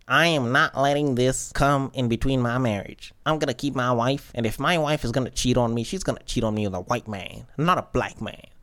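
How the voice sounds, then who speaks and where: A man playing a jealous, stubborn husband who grumbles low and indignant. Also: fairly quick, hardly any pauses, fairly bright tone, natural voice.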